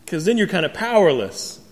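High-voiced man preaching in a reverberant hall. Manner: storytelling with humorous asides. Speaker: pastor. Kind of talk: sermon. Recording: long reverb in a large hall.

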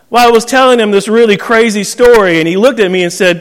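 Male pastor, Southern US accent, high-pitched, folksy and joking; sermon recorded with long hall reverb. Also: fast, hardly any pauses. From southern North Carolina. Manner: folksy, joking, laughs often.

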